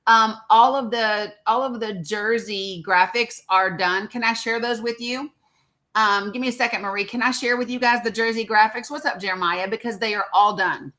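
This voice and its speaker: This livestream host has a fairly high-pitched, sharp-toned voice. Chatting loosely with her audience on a live social audio stream, she calls viewers by name and fills her speech with plenty of fillers.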